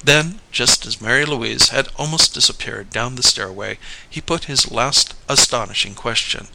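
A man reading a story aloud in measured narration. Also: medium pitch, vocal fry, pushed and bright, low-quality recording. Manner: measured storytelling, voices the characters. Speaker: audiobook reader. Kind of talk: scripted narration.

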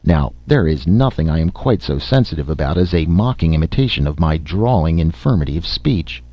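A man narrating a story aloud in an expressive, dramatic reading style. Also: rumbling low, a little fast, no room sound. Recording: slightly muffled lo-fi recording.

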